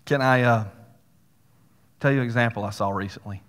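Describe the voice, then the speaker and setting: A man with a drawl delivers a sermon as a folksy story, tossing in little asides to his church. His voice carries a long reverb through a church sanctuary, with a pitch that sits right in the middle for a man. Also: a little fast, fairly bright tone. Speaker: pastor.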